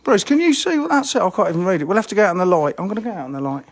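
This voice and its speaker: This high-pitched man speaks rapid-fire with lively intonation as he live streams his fishery from a handheld phone. He chats casually, rambling and self-deprecating, while showing things to the camera.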